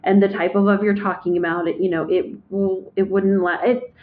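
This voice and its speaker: A woman's voice: mid-range voice, flat delivery. A woman chatting casually about a book, slipping into the characters' voices as she retells scenes. Her voice comes through a thin, phone-like line. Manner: acts out quoted characters in quick recaps. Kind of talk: casual book recap chat. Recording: tinny phone-like audio.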